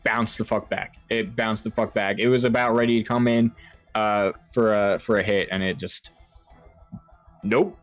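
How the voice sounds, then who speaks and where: A man running a tabletop horror game as game master, talking in a halting way with lots of fillers and restarts. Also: fairly low pitch.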